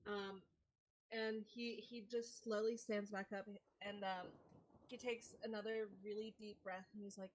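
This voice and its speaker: A woman's voice: medium pitch, flat delivery, a little slow, a little hiss or hum, low-quality recording. A woman player casually describing her character's actions, rambling with constant "like"s. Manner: rambling, packed with "like". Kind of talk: casual game narration.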